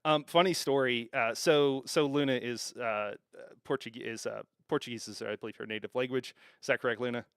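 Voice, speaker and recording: A man's voice: medium pitch, fairly even intonation, brisk, few pauses, fairly bright tone, smooth, dry recording, studio quality. A man hosting a live gaming stream, chatting casually, laughing often and restarting phrases. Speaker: stream host.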